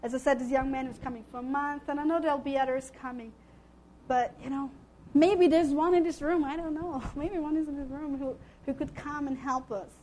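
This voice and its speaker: A woman missionary speaking to a congregation, telling a story in a lively way, acting out the voices she quotes and laughing often. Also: high voice, brisk, a little hiss or hum. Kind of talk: testimony talk to a congregation.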